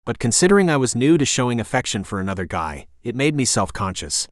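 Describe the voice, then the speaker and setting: A man narrating a romance audiobook in the first person, calm and even. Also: medium pitch, quick pace, dry recording, studio quality.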